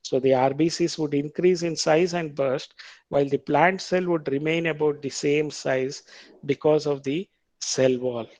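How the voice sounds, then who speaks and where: A man with an Indian English accent lecturing on biology, reading quiz questions aloud, repeating them slowly and explaining the answers patiently. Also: fairly high pitch, steady tone, darkish tone, dry recording. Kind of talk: quiz-style classroom lecture.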